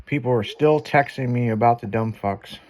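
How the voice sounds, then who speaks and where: A man's voice: mid-range voice, normal speed, a little mellow. A man hosting a chat show, telling crude stories and laughing as he goes. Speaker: show host. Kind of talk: casual profane chat show banter.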